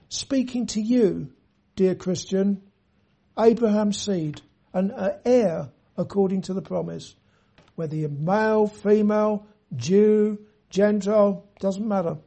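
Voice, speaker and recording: A preacher giving an earnest sermon, reading scripture in a measured way and speaking straight to the listeners. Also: mid-range voice, mellow. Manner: addresses listeners directly.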